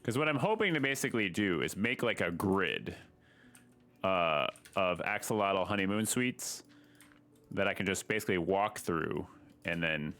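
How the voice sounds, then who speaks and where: Joking man with a bright low voice. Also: lively intonation, normal speed. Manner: joking, playful banter with bursts of silly voices. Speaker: game streamer. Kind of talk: casual gameplay chat.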